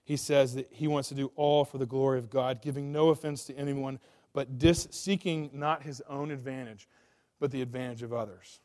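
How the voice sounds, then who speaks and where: A man in his thirties preaching a sermon as pastor, swinging between loud, urgent emphasis and quiet, confiding asides. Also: medium pitch, fairly even intonation, normal speed.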